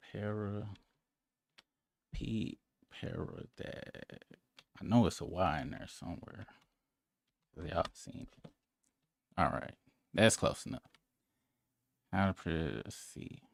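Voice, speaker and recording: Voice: low voice, vocal fry, no room sound. A live-stream host in casual, profane, rambling chat, breaking into incredulous outbursts.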